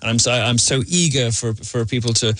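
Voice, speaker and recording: An Englishman with a softened received pronunciation accent, a studio guest talking in an arch, playful way with many ums and restarts. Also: medium pitch, brisk, no echo. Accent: English received pronunciation, partly Americanized. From England. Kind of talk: casual radio interview talk. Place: radio studio. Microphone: studio microphone.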